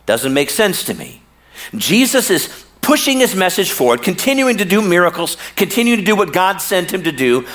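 A man preaching a sermon in a storytelling way, drawing out words for emphasis and slipping into casual slang with the congregation. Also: high voice. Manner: animated storytelling with slow, drawn-out pauses for emphasis. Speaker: pastor.

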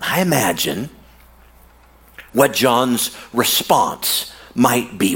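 A pastor with a fairly high voice preaches a sermon as a story. He draws out words and leaves slow pauses for emphasis, and slips into casual slang with the congregation.

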